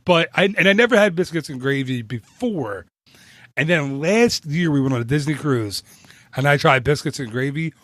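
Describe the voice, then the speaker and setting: A man co-hosting a podcast, chatting casually and telling a lively story with frequent restarts. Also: a little high, moderate pace, no echo. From northern United States. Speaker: podcast co-host. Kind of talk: casual chat.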